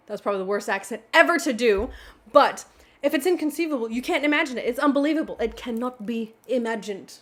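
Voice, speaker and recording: A woman hosting a casual vocabulary video, explaining words in a playful, animated way with little exclamations. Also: high-pitched, brisk. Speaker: vocabulary channel host.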